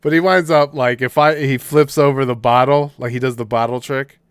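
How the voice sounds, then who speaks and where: Chatty man, smooth close voice. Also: medium pitch, brisk, dry recording. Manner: animated retelling of comedy sketches, laughing as he quotes; rambling with many fillers and restarts. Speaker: podcast co-host. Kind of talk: casual chat.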